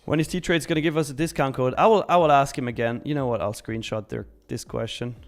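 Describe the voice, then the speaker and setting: A man's voice: mid-range voice, fast, faint music behind. Man hosting a casual stream. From Switzerland. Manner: reads viewer chat aloud and answers. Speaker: live-stream trading host. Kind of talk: casual live-stream chat.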